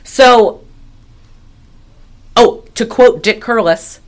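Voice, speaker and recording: A woman co-hosting a podcast, chatting casually as she recaps a film, acting out lines and laughing loudly. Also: on the low side, a little slow. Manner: animated storyteller, acts out lines, laughs loudly. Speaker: podcast co-host.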